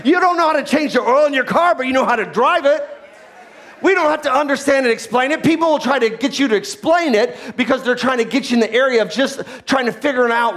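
High-voiced preaching man, loud then hushed. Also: a little fast, some chatter behind. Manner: swings from loud preaching to low quiet asides. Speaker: pastor. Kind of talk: sermon.

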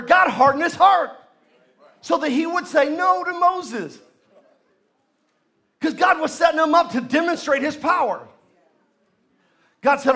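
A man's voice: very high voice, expressive, a little slow, long pauses, pushed and bright. A male pastor preaching a sermon at a church service, leading the congregation in call and response.

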